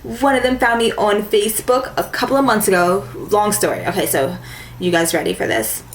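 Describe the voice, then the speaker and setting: A young woman with a mid-range voice chats animatedly to camera at a normal pace, a beauty vlogger with a valley-girl lilt who says "like" constantly. The echoey room carries faint ambience plus a slight hiss or hum.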